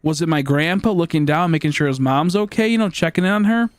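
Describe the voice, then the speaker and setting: Man in his late twenties, streamer, casual rambling storytelling, fairly high voice, dry close sound. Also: fast, smooth, no room sound. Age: late 20s. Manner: rambling, full of "like" fillers and restarts.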